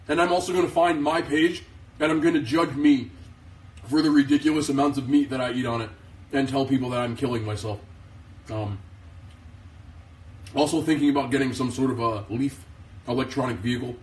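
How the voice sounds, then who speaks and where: A man hosting a casual live stream, joking in a deadpan, sarcastic way and rambling with lots of filler words into a phone. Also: mid-range voice, recorded from a distance. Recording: roomy, voice away from the mic.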